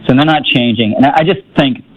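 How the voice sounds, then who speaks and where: A man's voice: medium pitch, quick pace, lo-fi sound. A man giving political commentary on a talk radio show, wry and skeptical, often restarting his sentences.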